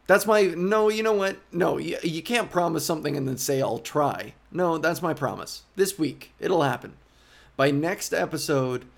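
A man's voice: fairly high pitch, vocal fry. A male comedian hosting a podcast alone, talking in a casual, rambling monologue, interrupting himself and swearing. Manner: rambling, self-interrupting, profane.

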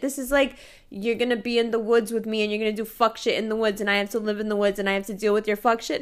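A woman with a slightly high voice talks fast as she tells a personal story in a casual monologue. She swears freely and speaks with emphatic, animated energy.

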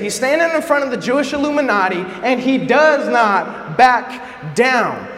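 Animated high-voiced male preacher. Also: measured pace. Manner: animated, joking, acts out quotes. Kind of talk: casual sermon. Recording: echoey hall, faint background noise.

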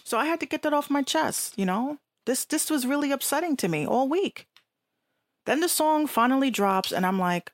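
A woman's voice: high voice, lively intonation, normal speed, dry recording. A woman with a Bronx accent hosting an online radio show, ranting bluntly and profanely in casual talk.

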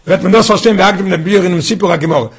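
A teacher with a high, husky voice races through a Torah study class. He quizzes his students, keeps posing questions, and restarts phrases as he works through the text.

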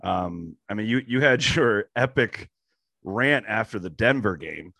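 A man's voice: on the low side, lively intonation, a little slow, gravelly, bright, forceful tone, dry recording. A man in a casual podcast conversation who gives supportive, agreeing replies and praises his guest. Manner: supportive, short backchannel replies.

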